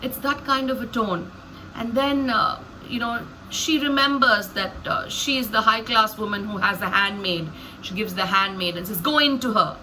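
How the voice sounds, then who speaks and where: A woman's voice: medium pitch, fairly even intonation, moderate pace, bright, forceful tone, slight background noise, poor audio. A woman storyteller reflecting on how she performs a story, thoughtful and musing with frequent hesitations. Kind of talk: reflective talk on her storytelling.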